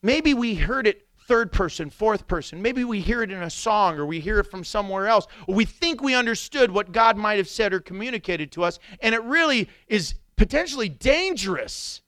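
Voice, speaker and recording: Male pastor, middle-aged, sermon, lively storyteller, bright, dry sound. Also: high voice, normal speed, hardly any pauses, dry recording. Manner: animated storytelling, jumping into shouted impressions.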